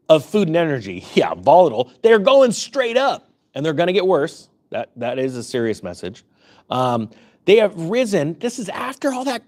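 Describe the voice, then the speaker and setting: A man giving sarcastic, jokey commentary on economic news, breaking into mock voices. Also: fairly high pitch. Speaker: finance YouTuber.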